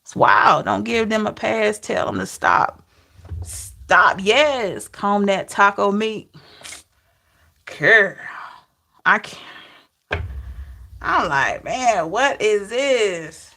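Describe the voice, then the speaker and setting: A woman tarot reader chatting casually with her live-stream viewers, laughing and talking back to them by name, with drawn-out, disbelieving exclamations. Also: medium pitch, sing-song, vocal fry, pushed and bright.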